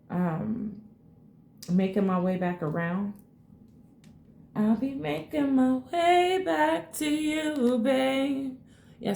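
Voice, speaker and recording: Female tarot reader, casual and excitable, some vocal fry, echoey room. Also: medium pitch, a little hiss or hum. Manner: excitable, swears freely, addresses viewers as y'all. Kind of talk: casual tarot reading to camera.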